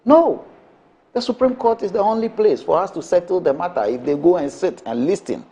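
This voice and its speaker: A man's voice: high-pitched, expressive, brisk, warm tone, husky. A man, a panelist on a morning talk show, arguing emphatically with repeated rhetorical questions. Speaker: political panelist. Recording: dull lo-fi broadcast sound.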